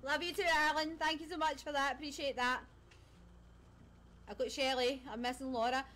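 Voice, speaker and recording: A woman's voice: high voice, fairly even intonation, moderate pace, pushed and bright, a little hiss or hum. A woman streaming a game live, chatting casually with viewers and friends, laughing often and a little scattered. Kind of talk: casual live-stream chat while gaming.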